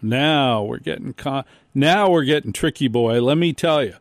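A man hosting a radio show, telling a comic story in an animated way and acting out the people in it. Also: mid-range voice, moderate pace, no echo. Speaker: radio host. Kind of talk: comedic radio monologue.

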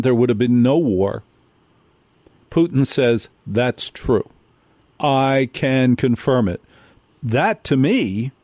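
A man's voice: mid-range voice, a little mellow, no room sound. Man, talk radio host, emphatic, repeats himself, dry studio sound. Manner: emphatic, repeats key points again and again.

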